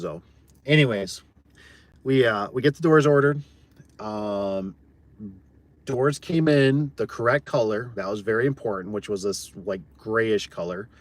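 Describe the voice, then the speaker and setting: A man's voice: lowish voice, moderate pace, no echo. A man chatting casually about work on a livestream, recorded close in a dry, dead room. He talks in a rambling, folksy, blunt way and often restarts and repeats himself. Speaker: garage door business owner on a livestream. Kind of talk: casual storytelling chat.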